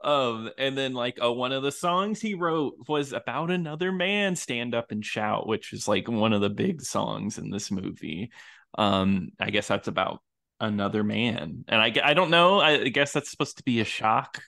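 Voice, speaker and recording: A man's voice: medium pitch, moderate pace, gravelly, sharp tone. A man co-hosting a podcast, chatting casually about a film, often laughing between his thoughts. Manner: laughs often, lots of ums and likes. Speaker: podcast co-host. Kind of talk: casual chat about a movie.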